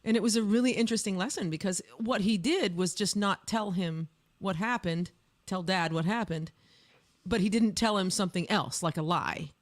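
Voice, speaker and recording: A man's voice: high voice, normal speed. A man co-hosting a podcast in a studio, chatting casually, playful and argumentative as he reads out viewer comments. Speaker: podcast co-host. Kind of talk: casual chat.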